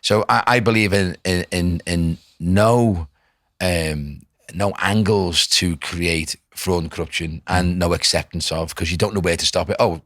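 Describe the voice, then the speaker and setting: Deep-voiced man, emphatic. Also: fairly even intonation, unhurried, fairly bright tone, no echo, clean studio sound. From Liverpool. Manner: earnest, emphatic, restarts phrases. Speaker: guest. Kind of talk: casual conversation.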